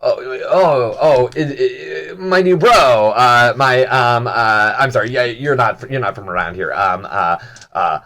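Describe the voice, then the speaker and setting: A man's voice: medium pitch, measured pace, creaky, sharp tone. A man voicing an eager young male attendant who stammers and sputters as he answers his lady in a tabletop game. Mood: flustered. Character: fawning young male fish-tank tender, stammering.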